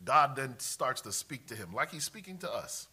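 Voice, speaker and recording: A man preaching a sermon, emphatic, swinging from loud declarations to hushed asides and reading scripture in old-fashioned wording. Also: mid-range voice, big pitch swings, normal speed, breathy edge.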